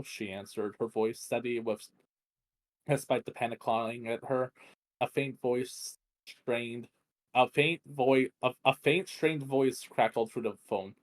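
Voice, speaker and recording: Man reading fanfic aloud with a strained voice, stumbles and self-corrects often, mid-range pitch. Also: flat delivery, moderate pace, darkish tone. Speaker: fanfic reader. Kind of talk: reading fan fiction aloud.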